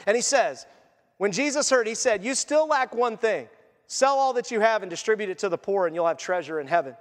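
A man preaching a sermon as pastor, animated, acting out voices and joking along the way. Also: high-pitched, brisk, big-room sound. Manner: animated, acts out voices and jokes.

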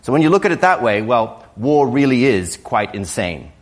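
An author gives a public lecture in a museum, his voice hoarse from a cold. He sometimes hesitates, using fillers and restarting sentences, yet speaks in a very animated, mid-range voice at a moderate pace.

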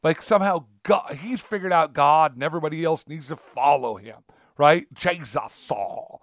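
A man's voice: fairly high pitch, normal speed, dry recording, clean studio sound. Chatty man with a rambling delivery. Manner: rambling, many fillers and restarts. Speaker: podcast co-host. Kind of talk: casual chat about faith.

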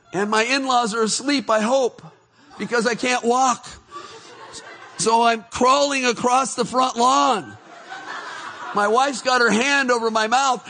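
A middle-aged man preaching a testimony sermon, telling his story with animated laughter, turning soft and hushed when he reflects. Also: extremely high pitch.

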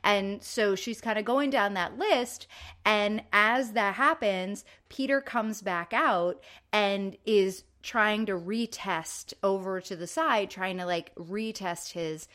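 Chatty woman co-host retelling an episode. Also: slow. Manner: animated storytelling with high-pitched acted-out quotes. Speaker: podcast co-host. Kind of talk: casual chat recapping a TV episode.

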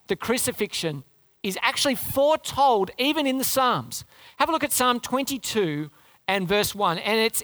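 Her voice sits on the high side with a fairly bright tone as this woman delivers a sermon. She speaks earnestly and conversationally, asking rhetorical questions and stressing points by repeating phrases.

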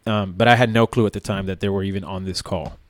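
Speaking quickly in a voice that sits low, a man who used to be a police officer recounts a story in a casual, rambling way full of fillers. There's no echo on the audio.

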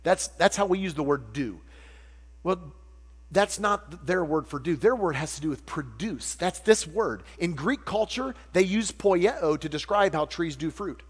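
A man preaching a sermon, animated and jokey, acting out little voices as he teaches. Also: fairly high pitch, unhurried, breathy edge. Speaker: pastor. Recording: long hall reverb with mains hum.

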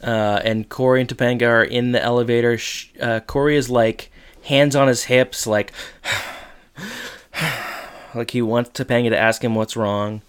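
A man's voice: medium pitch, moderate pace, smooth. A man co-hosting a podcast, casually recapping a TV episode and playfully acting out characters' lines. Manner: relaxed, jumps into quoted lines with comic emphasis. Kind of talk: casual chat.

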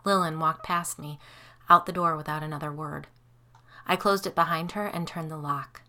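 Woman reading a spooky story, low pitch, bright clear tone, steady pace. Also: normal speed. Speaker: audiobook narrator. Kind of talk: scripted first-person narration.

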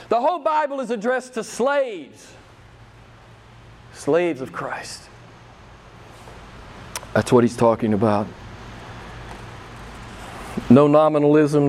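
Fired-up male preacher, high voice. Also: darkish tone, a little hiss or hum. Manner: impassioned, emphatic, repeats phrases. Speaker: pastor. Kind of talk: sermon.

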